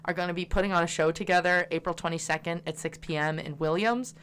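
A woman's voice: lowish voice, quick pace, fairly bright tone, clear, resonant tone. A woman in her twenties, a podcast guest chatting casually, giggly and rambling. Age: 20s. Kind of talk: casual chat.

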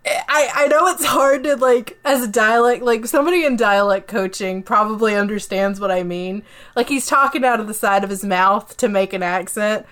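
Chatty Southern woman with smooth voice. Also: medium pitch, moderate pace, hardly any pauses. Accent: Southern US country. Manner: chatty, animated, lots of fillers. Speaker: podcast co-host. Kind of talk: casual movie review chat.

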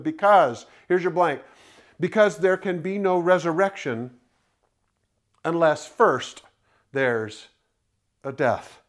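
A man preaching a sermon, emphatic and repeating his key points while walking listeners through the blanks in their notes. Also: on the high side. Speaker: pastor.

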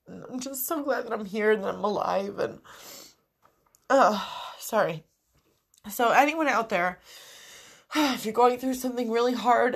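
A young woman talking in an emotional personal vlog, tearful and crying as she speaks, swearing freely. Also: mid-range voice. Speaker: vlogger.

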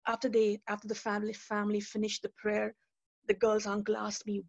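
A woman's voice: medium pitch, monotone, a little fast, vocal fry, darkish tone, dry recording, highs cut off. A woman giving a personal faith testimony, telling her story and acting out the dialogue as she goes. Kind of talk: spoken testimony to a youth webinar.

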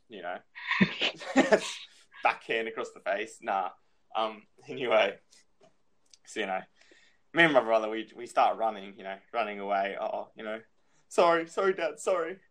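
A man's voice: on the low side, fairly bright tone. A young man in casual chat, telling a childhood story, laughing often and swearing freely.

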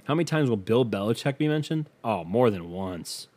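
A man's voice: mid-range voice, animated, moderate pace, a little mellow. A man hosting a casual solo podcast, offhand and profane as he reads betting odds aloud. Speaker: podcast host.

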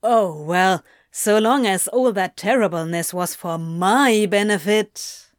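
A woman voicing a sly male demon who teases and begs in a breathy voice. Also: medium pitch, slow pace, no echo, studio quality, natural voice. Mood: teasing. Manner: breathy, begging.

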